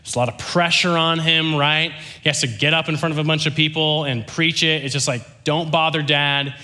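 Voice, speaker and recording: Bright-voiced young man preaching. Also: fairly high pitch, brisk. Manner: animated storytelling, asks the audience "right?". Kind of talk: sermon.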